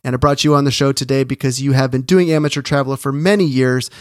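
A man's voice: mid-range voice, steady tone, fast, dry recording, clean studio sound. A man hosting a podcast interview, with an upbeat, hyped-up, salesman-like delivery. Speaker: podcast host.

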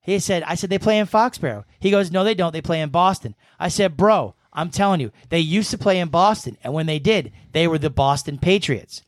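A man's voice: on the high side, lively intonation, a little fast, few pauses, dry recording, clean studio sound. A man from New England hosting a podcast, telling long stories with a rambling, profane manner. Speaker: podcast host. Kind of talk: casual chat.

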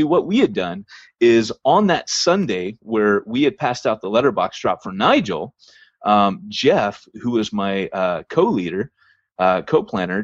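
A man's voice: mid-range voice, slightly rough, no room sound. A man hosting a podcast, telling a long church story in a rambling, casual way with many ums and restarts. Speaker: podcast host. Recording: dry, dull lo-fi sound.

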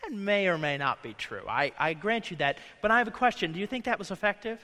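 Male pastor, high bright voice, conversational sermon with acted-out quotes, reverberant church hall. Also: animated, fast talker. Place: church sanctuary.

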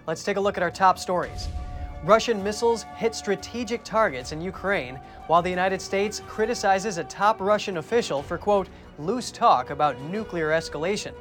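A man anchoring a news program, reading the headlines in a measured, crisp way. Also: sits high, fairly bright tone, faint music behind.

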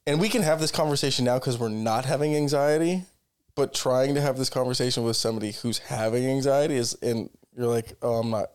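A podcast co-host chatting casually in a relaxed, joking way and slipping into mock quotes. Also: mid-range voice, a little fast, smooth. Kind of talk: casual chat.

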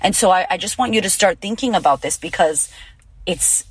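A woman's voice: fairly low pitch, animated, a little fast, slightly rough, no room sound. A woman in her thirties hosting a podcast, giving a casual motivational talk in a blunt, emphatic way, swearing freely. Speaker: podcast host and confidence coach.

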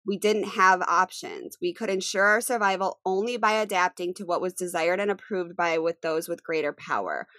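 A woman's voice: fairly low pitch, normal speed, few pauses, sharp tone, no echo. A woman in her thirties co-hosting a podcast, chatting casually and acting out quotes with animation. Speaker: podcast co-host. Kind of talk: casual chat.

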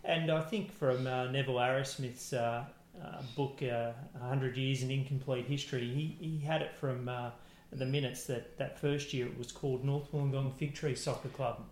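A man's voice: medium pitch, steady tone, normal speed, a little mellow, slight background noise. A man interviewing for an oral history, asking careful questions with many restarts. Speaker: interviewer, local football historian. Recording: echoey room.

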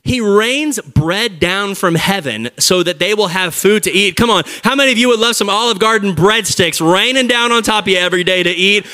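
A man preaching an energetic, conversational sermon to a live audience, joking and speaking directly to them. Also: high voice, normal speed, hardly any pauses. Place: church service before a live audience.

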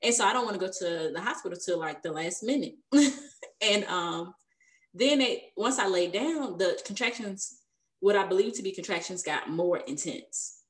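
A woman's voice: mid-range voice, lively intonation, normal speed. A young adult woman telling a personal story in casual conversation, chatty and laughing often between sentences.

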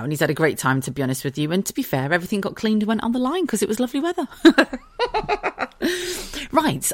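Low-voiced swearing British mum. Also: female voice, a little mellow, no room sound, clean studio sound. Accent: British English. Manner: chatty, swears freely, laughs often. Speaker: podcast host. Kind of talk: casual solo podcast storytelling.

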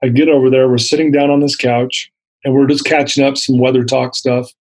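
A man's voice: medium pitch, flat delivery, a little fast, a little mellow, rough recording. A man in his fifties sharing his personal story as an interview guest, earnest and vivid, acting out the dialogue he quotes.

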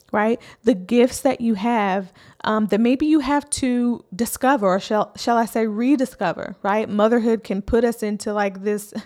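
A woman's voice: fairly high pitch, a little mellow. A woman in her thirties, a healing coach, giving a casual, encouraging motivational talk and often checking in with "right?".

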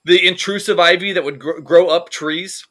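A man's voice: sits high, steady tone, moderate pace, bright, forceful tone. A man co-hosting a comedy podcast, rambling through jokes and swearing freely in casual chat. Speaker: podcast co-host.

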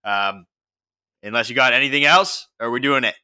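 A man's voice: medium pitch, normal speed, bright, forceful tone, clean tone, no echo. A man hosting a casual podcast, chatting and swearing loosely before wrapping up the episode. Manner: casual, swearing, wraps up the show. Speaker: podcast host. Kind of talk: casual chat.

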